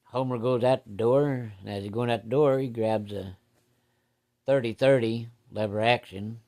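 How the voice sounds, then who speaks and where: A man casually telling an old story from his youth, rambling and plain-spoken. His voice sits at a middle pitch, neither high nor low. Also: moderate pace, warm tone.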